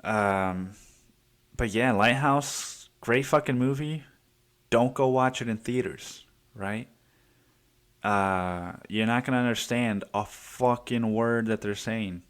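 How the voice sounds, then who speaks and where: A man's voice: medium pitch, slow. A man hosting a solo podcast, talking in a rambling, profane, self-interrupting way. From United States. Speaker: podcast host. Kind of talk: casual solo podcast monologue.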